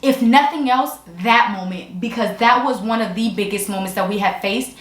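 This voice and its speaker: Excitable woman vlogging in an echoey room. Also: a little high, moderate pace. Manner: excitable, animated storyteller. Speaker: mother and vlog co-host. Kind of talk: casual chat.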